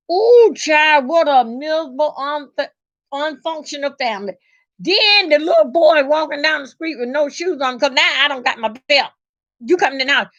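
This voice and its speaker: Bright, high-voiced middle-aged woman telling stories. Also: normal speed, no room sound. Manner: animated, emphatic, salty with cursing. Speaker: vlogger. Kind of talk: casual storytelling. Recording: dull lo-fi recording.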